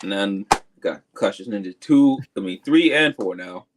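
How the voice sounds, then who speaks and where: A man's voice: fairly low pitch, animated, normal speed, a little hiss or hum, rough recording. A man co-hosting a live fan review show, chatting casually and animatedly, jumping into quoted voices. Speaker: co-host.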